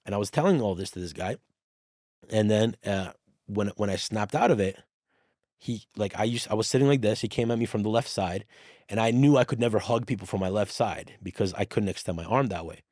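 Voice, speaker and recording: A man telling a personal story in a casual podcast conversation, animated, swearing freely and acting out the dialogue. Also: fairly low pitch, a little fast, no echo, studio quality. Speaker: podcast guest.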